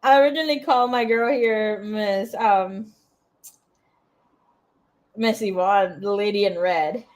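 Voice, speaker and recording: A woman reads tarot cards in a loose, conversational way. She is blunt and chatty and swears freely. Her voice sits at an ordinary middle pitch. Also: a little slow, darkish tone. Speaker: tarot reader. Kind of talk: casual tarot reading.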